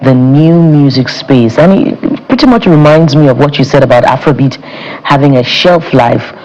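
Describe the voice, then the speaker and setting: A man's voice: mid-range voice, animated, moderate pace, darkish tone. A man co-hosts a TV morning show. His voice sits mid-range and he asks questions, doubling his first words. The sound is dull and lo-fi. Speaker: co-host. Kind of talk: studio discussion.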